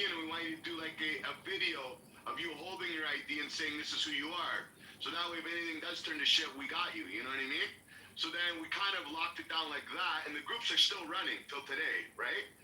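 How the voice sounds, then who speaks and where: A man telling a story on a podcast, animated and profane, with a very bright, forceful voice. He sounds a little off the mic in an echoey room, with faint noise behind him. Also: fairly high pitch, fairly quick, recorded from a distance. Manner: animated, swearing, acts out quotes in a raised voice.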